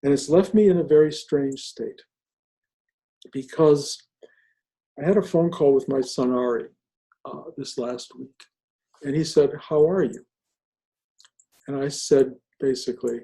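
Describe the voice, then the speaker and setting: An older man giving a reflective spiritual talk, speaking slowly with soft, drawn-out pauses. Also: medium pitch, rough recording. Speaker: spiritual teacher.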